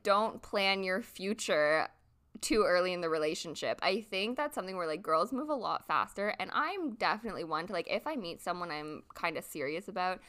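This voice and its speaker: A woman's voice: lowish voice, expressive, fairly quick, a bit bright. A young adult woman telling a rambling story in casual chat, full of "like" fillers.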